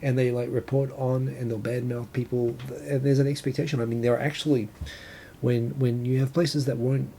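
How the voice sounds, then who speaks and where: A middle-aged man from New Zealand, his accent softened by years abroad, hosts a casual live talk show. His gravelly, dark voice moves little in pitch at a moderate pace as he rambles through a list with many restarts and asides. A faint rumble lies beneath the recording.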